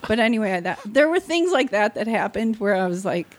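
A middle-aged woman chatting casually on a podcast, telling stories in an animated way and swearing freely. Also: medium pitch, fairly quick. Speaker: podcast guest. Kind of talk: casual chat.

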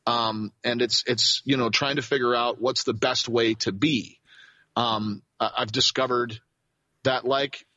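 A man who works as a voice actor, telling a rambling, animated story as a guest in a casual interview. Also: mid-range voice, measured pace, dry recording, dull audio.

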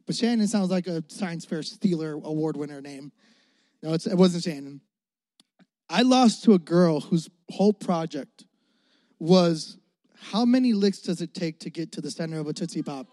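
A man's voice: fairly high pitch, normal speed, no echo, studio quality. A young man preaching as a pastor, telling a funny childhood story and acting out his younger self. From Florida. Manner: animated, jokey, acts out his younger self. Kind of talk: comic sermon storytelling.

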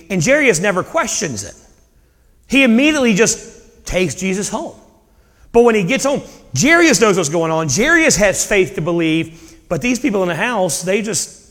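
A man preaches in a high voice, mixing old scripture wording with casual retellings of the dialogue. His words ring out with the long reverb of a church hall. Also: a bit bright. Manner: preaching with paraphrased dialogue and dramatic pauses. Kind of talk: sermon.

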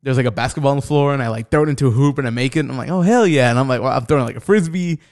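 Guy on a podcast rambling thru a story, lots of likes and ums, mid pitch. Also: rapid-fire. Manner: rambling, filler-heavy, crude. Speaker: podcast co-host. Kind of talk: casual storytelling chat.

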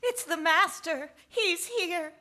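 A woman playing a nervous, sardonic sidekick in improv comedy with quick dry asides. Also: extremely high pitch, sharp tone, full character voice.

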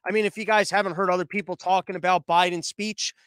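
A comedian hosting daily briefings delivers a rambling, sarcastic monologue with lots of fillers from his living room. His voice is high and fairly bright, fast and fairly even, and the smooth recording has no echo.

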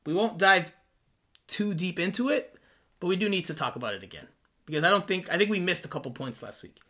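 A man co-hosting a sports podcast in casual chat, animated and sarcastic with sudden rises in his voice. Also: sits high, fairly quick. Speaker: podcast co-host.

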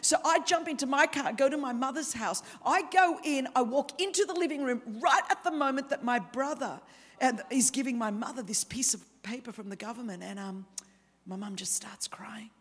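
An Australian woman in her fifties preaching a sermon, telling her own story with lively humorous asides. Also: sits high, moderate pace, breathy edge. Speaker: guest preacher. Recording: reverberant hall.

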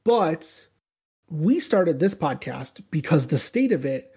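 A man's voice: a little high, animated, takes it slowly, dark tone, breathy edge. A man co-hosting a podcast in casual chat, losing his voice, rambling and restarting his sentences. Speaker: podcast co-host.

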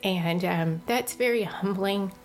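A woman's voice: medium pitch, takes it slowly, soft background music. A woman, a mother and podcast guest, talking earnestly about faith and parenting and laughing at herself. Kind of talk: casual faith-based podcast chat.

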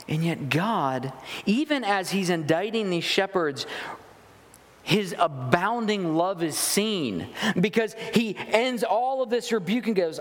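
A man preaching a sermon, reading scripture slowly and then explaining it with emphatic repetition. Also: sits high, lively intonation, fairly bright tone. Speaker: pastor. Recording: long reverb of a large hall.

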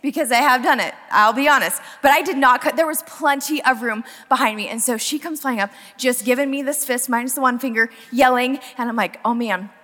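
A young woman giving a casual, storytelling sermon, chatty and animated, full of "like" and "um". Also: sits high, a little fast, few pauses, big-room sound.

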